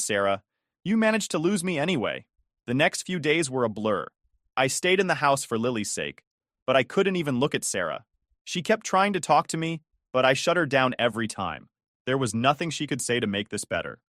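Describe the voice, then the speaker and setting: A man's voice: mid-range voice, sing-song, a little fast, fairly bright tone, no echo, clean studio sound. A man narrating a scripted first-person family drama story, with bitter, emphatic phrasing and rising questions.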